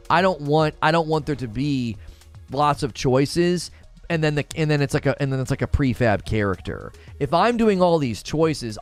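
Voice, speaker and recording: A man hosting a live gaming stream, chatting back to viewers in an animated way with quick restarts. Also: medium pitch. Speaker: gaming channel host. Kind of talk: live-stream chat reading viewer comments.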